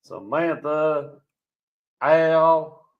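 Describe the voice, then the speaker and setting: Guy ribbing his cohost on a livestream, fairly high voice, muffled sound. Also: very slow. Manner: teasing, laughs often. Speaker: co-host of live stream. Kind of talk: casual live-stream banter.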